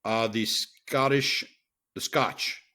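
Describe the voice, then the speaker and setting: A man co-hosting a podcast in casual chat, pausing with fillers and correcting himself as he goes. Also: mid-range voice, steady tone, bright, forceful tone. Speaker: podcast co-host.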